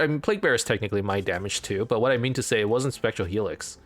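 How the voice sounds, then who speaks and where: A man hosting a let's play, casually commenting on his game in an excitable, rambling way. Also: on the low side, rapid-fire, few pauses.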